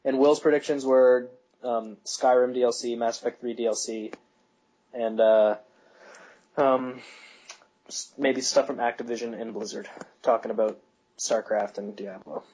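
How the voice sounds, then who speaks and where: A man's voice: medium pitch, flat delivery, a little slow, a little mellow, low-quality recording. A young man co-hosting a podcast, rambling through school stories and laughing at his own anecdotes, with a voice that cracks. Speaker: podcast co-host. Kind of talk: casual chat.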